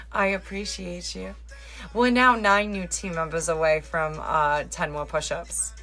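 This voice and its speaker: A woman's voice: medium pitch, animated, normal speed, a bit bright, soft background music. A woman hosting a live stream on her phone, chatting with viewers in a teasing, talkative way and answering their comments as they come in. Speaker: livestream host. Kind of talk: casual livestream chat.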